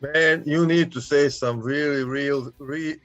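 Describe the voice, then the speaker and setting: A man's voice: a little high, fairly even intonation, slow pace, fairly bright tone, muffled recording, soft background music. A man in his forties, a guest on a casual livestream, talking in a laid-back way. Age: 40s.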